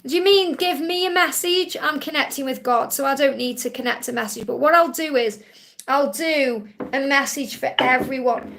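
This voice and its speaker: High-voiced woman giving a reassuring psychic reading. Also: vocal fry, fairly bright tone, slight background noise. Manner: soothing, reassuring, often ends with "okay?"; repeats key phrases for emphasis. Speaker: psychic reader answering viewer questions. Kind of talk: live-stream Q&A card reading.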